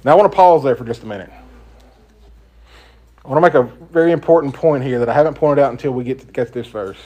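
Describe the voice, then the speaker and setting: A man's voice: mid-range voice, fast, dull audio. Een man met een Zuidelijk Amerikaans die een informele Bijbelstudie leidt, praat en legt met nadruk uit en stelt zijn groep vragen. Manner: conversational, emphatic, asks the group questions. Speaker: Bible teacher. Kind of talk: informal Bible study teaching.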